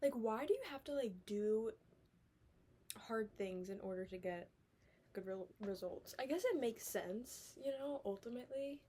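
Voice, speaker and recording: A young woman musing aloud in a casual, rambling vlog monologue, sometimes sliding into soft whispers. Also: a little high, normal speed. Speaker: vlogger. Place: indoors, sitting on the floor.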